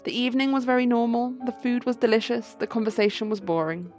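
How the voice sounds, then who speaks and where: A woman's voice: on the high side, quick pace, darkish tone, soft background music, natural voice. A woman voicing a pampered young noble cat lady, prim and genteel, reading for a video game.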